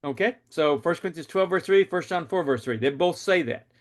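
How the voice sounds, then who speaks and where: A man's voice: on the high side, lively intonation, fairly quick. A man earnestly retelling a personal faith story in a conversational, dramatic way. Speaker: storyteller and show host.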